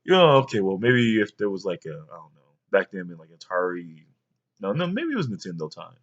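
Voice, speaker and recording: A man's voice: low-pitched, huge pitch swings, brisk, highs cut off. A man in his thirties, a father rambling through a childhood story for his young sons, with many fillers. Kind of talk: storytelling home video.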